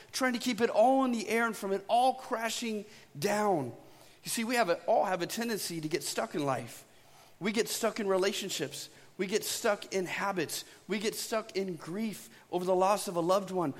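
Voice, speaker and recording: A man preaching a sermon as pastor, talking in a casual, storytelling way and often checking in with "right?". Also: high voice. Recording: long hall reverb.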